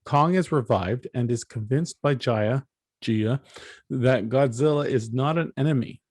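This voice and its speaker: A man co-hosting a casual podcast, relaxed, reading plot summaries aloud and adding dry jokes. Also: mid-range voice, unhurried, no echo. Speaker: podcast co-host. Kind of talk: casual chat.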